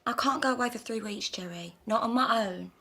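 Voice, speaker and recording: A woman's voice: a little high, fairly quick, pushed and bright, slightly rough, heavily acted. A woman playing a glamorous, dramatic soap actress in a TV comedy drama.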